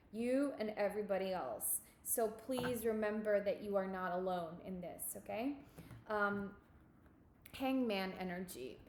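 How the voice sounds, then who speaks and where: Woman doing a tarot reading, slow and halting, keeps repeating herself, reassuring. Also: mid-range voice, a little hiss or hum. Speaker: tarot reader.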